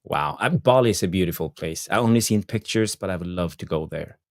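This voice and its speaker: Low-voiced man reading viewer shout-outs. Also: brisk. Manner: relaxed, reads out names and greetings. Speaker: co-host reading viewer comments. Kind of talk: casual livestream chat.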